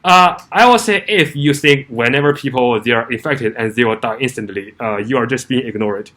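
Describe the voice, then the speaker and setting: A man's voice: medium pitch, brisk, sharp tone. A man delivering an argumentative opinion vlog, firing off rhetorical questions and often restarting his words. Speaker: commentary vlogger.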